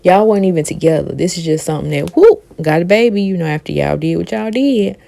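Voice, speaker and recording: A woman hosting a casual gossip vlog, retelling a reality show scene in a chatty, animated way. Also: low-pitched, quick pace, vocal fry. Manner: chatty, animated storytelling with quoted voices. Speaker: host.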